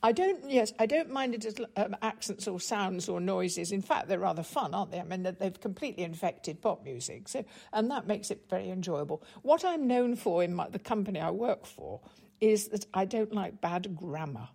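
Older woman, gravel in the voice, husky edge, measured storytelling, interview guest. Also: mid-range voice, animated, a little mellow. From England, Stockport. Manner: articulate, measured, anecdotal. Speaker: guest, broadcaster. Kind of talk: reflective interview conversation.

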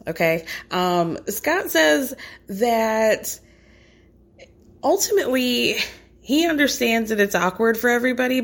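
Chatty gossiping woman. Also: fairly high pitch. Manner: chatty, gossipy, lots of "like" and asides. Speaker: reality TV recapper. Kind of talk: casual recap chat.

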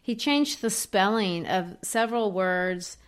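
A woman's voice: medium pitch, expressive, takes it slowly, clean tone. Woman explaining a poem, thinking aloud. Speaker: teacher co-host. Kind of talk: educational discussion of literature.

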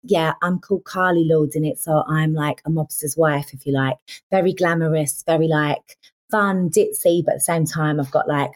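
A woman's voice: deep voice, fairly even intonation, normal speed. A woman guesting on an interview as an actress, talking with gushing, effusive enthusiasm. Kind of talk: casual interview chat.

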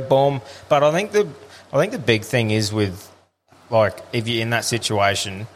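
A man's voice: mid-range voice, a little hiss or hum. A man with an Australian accent co-hosting a podcast, telling stories in a blokey, casual way and swearing freely. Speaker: podcast co-host. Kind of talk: casual chat.

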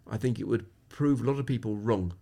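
In a brisk, mid-range voice that's both creaky and mellow, a middle-aged English sports psychologist shares stories as a podcast guest. He's reflective and anecdotal and tends to restart his sentences.

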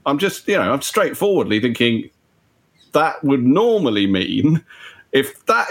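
Chatty comedian, rambling. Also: male voice, mid-range voice, a bit bright. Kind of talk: casual conversation.

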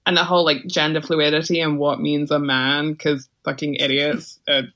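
Female co-host, low bright voice, chatty, lots of "like", quick to laugh. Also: level tone. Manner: chatty, many "like" fillers, laughs often. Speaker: podcast co-host. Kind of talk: casual chat.

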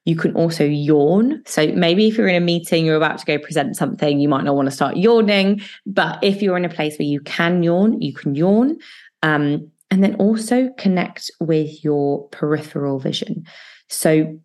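A woman hosting a solo advice podcast as a coach, talking listeners through fear with reassuring words and slow guided breathing exercises. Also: deep voice. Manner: warm, reassuring self-help delivery with slow guided breathing passages.

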